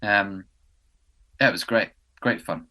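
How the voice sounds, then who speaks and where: A man's voice: on the low side, slow, pushed and bright. A young man from England, an actor co-hosting a podcast, chatting casually and rambling with many ums and restarts. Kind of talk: casual chat. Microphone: podcast mic indoors.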